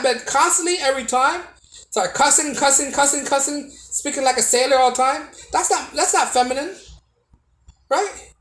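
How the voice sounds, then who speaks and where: A man's voice: very high-pitched, fairly bright tone, reverberant, low-quality recording. A man giving a casual opinion monologue to camera as a video blogger, preachy and repetitive, with many restarts and tag questions.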